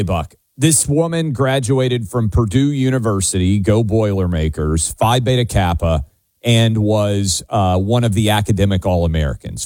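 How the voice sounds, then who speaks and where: Blunt talk radio host, lowish voice. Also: male voice, a little mellow, no room sound, studio quality. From Tennessee. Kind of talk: opinionated talk radio commentary.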